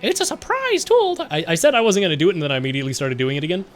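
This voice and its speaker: Male streamer, slightly high voice, rambling, self-mocking commentary. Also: expressive, very fast, faint music behind. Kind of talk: casual gameplay commentary.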